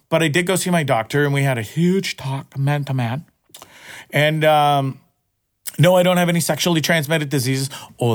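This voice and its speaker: A middle-aged man hosting a casual solo podcast, rambling, swearing freely and laughing at himself. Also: medium pitch. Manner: rambling, profane, self-mocking with frequent laughs. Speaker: podcast host.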